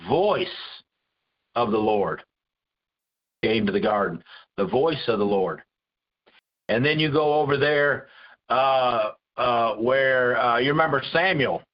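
A man teaching a Bible study in a conversational preaching style, earnest and full of restarts and repeated words. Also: medium pitch. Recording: dull lo-fi recording.

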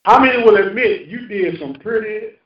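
A man's voice: high voice, moderate pace, a little hiss or hum. A man in his fifties preaching a sermon with call-and-response, rising and falling for emphasis. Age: 50s. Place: church sanctuary. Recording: roomy muffled church recording from a distance.

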